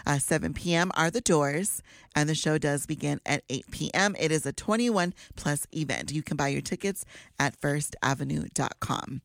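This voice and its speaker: A woman hosts morning radio, her voice on the low side and a little teary. She gushes warmly through local event plugs with sighs and exclamations. The studio mic is close and dry. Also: moderate pace, gravelly, no echo. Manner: gushing, effusive, lots of sighs and exclamations. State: teary, emotional. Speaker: radio host.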